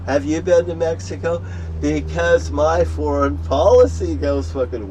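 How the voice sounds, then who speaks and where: A man's voice: on the high side, animated, takes it slowly, warm tone. Foul-mouthed man ranting from off-mic. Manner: swears constantly, boastful and threatening. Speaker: street ranter. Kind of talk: profane angry monologue. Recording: distant mic with faint background noise.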